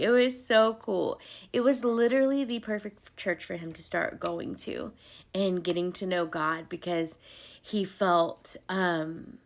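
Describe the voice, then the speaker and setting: A woman's voice: on the low side, gravelly. A woman telling a personal faith story straight to camera in a chatty way, with frequent ums and laughs. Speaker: vlogger sharing a faith testimony.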